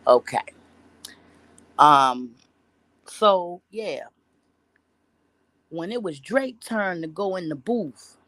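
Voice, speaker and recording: A deep-voiced woman vlogger tells a story in casual commentary, with no room sound in the recording. She's blunt, profane and heavy on slang, rambling with restarts and asides.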